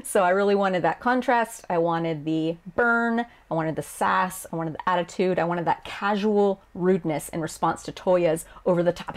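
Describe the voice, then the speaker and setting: A chatty woman with a slightly low voice talks through translation choices in a relaxed video lesson. She laughs often and slips into playful voices for quoted lines. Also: normal speed. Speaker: Japanese game translator. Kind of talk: casual explanatory video lesson.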